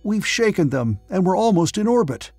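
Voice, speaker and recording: A man's voice: sits high, sing-song, moderate pace, darkish tone, slightly rough, dry recording, soft background music, pitched above the performer's own voice, exaggerated voice. A male narrator voicing a reckless giant of a pilot who roars out orders. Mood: exultant. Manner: roaring orders.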